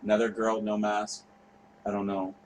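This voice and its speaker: A man's voice: lowish voice, completely flat delivery, moderate pace, poor audio. Offhand, foul-mouthed male host. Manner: rambling, profane, offhand. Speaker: show host. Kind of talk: casual commentary over footage.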